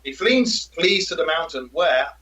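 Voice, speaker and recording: A man's voice: fairly high pitch, expressive, measured pace, sharp tone, rough recording. A man co-hosting a folklore podcast, chatting casually and retelling legends with frequent laughter. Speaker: podcast co-host. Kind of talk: casual chat about folklore.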